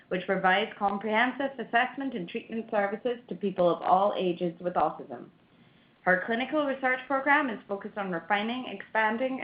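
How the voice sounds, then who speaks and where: A woman hosting a webinar, reading the announcements and a speaker introduction. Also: mid-range voice. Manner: reads announcements and a speaker bio. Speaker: webinar host. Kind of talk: scripted introduction. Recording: roomy, dull lo-fi audio.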